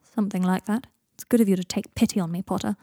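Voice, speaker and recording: A woman's voice: medium pitch, steady tone, quick pace, warm tone, no echo, lightly acted. A woman reading the part of a sick, sardonic, posh young man, drawling and dry.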